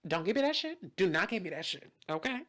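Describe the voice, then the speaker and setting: A woman's voice: lowish voice, sing-song, fairly quick. Woman playing a sassy outraged diner. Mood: indignant. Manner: sassy, exasperated, laughing.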